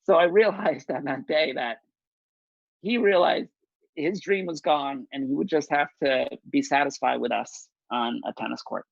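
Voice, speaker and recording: Man, storyteller, gravelly voice, animated self-mocking delivery, lo-fi video call sound, dry. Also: a little high, unhurried, dry recording. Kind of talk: personal story at a story slam.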